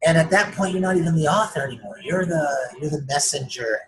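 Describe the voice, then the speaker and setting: A man's voice: on the high side, animated, quick pace, fairly bright tone, low-quality recording. A man being interviewed as an author, telling stories with enthusiasm and acting out other people's lines as he goes. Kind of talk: animated storytelling in a casual interview. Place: remote interview streamed live online.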